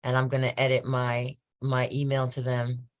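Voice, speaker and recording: A man on a livestream calmly explaining his own legal paperwork plans. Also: medium pitch, normal speed. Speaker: guest on the stream. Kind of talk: casual chat.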